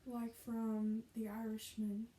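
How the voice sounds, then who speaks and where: A woman's voice: on the high side, monotone, takes it slowly, mellow, rough recording. A woman behind the camera asking teasing questions, often in a whisper. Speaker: off-camera helper.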